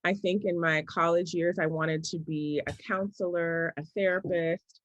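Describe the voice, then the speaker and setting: A woman in her forties, a business coach, answering interview questions in a thoughtful, story-telling way that often slows down to make a point. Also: on the low side, fairly even intonation, no room sound, dull audio.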